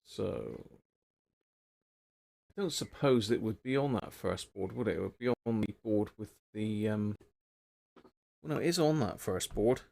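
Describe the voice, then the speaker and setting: A man's voice: lowish voice, expressive, a little slow, vocal fry, long pauses, darkish tone. A man hosting a live repair stream, thinking aloud in a rambling, casual way and chatting with viewers. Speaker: radio repair livestream host.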